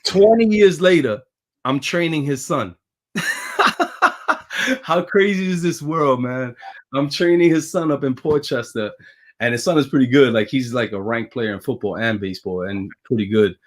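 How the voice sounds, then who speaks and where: A man with a New York accent, a former pitcher telling a story as a guest in a casual chat, animated and laughing as he talks. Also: normal speed. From Brooklyn, New York.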